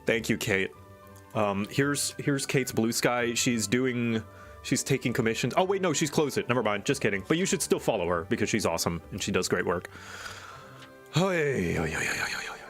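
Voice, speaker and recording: A man's voice: mid-range voice, lively intonation, normal speed, a bit bright, soft background music. A man streaming live, in casual chat and ranting with exasperation. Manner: exasperated, venting rant. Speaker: streamer and animator.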